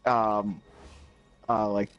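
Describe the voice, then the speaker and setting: A man's voice: on the low side, flat delivery, extremely slow, dull audio, faint music behind. A man streaming a game, chatting casually and telling goofy, joking stories. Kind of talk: casual gaming stream chat.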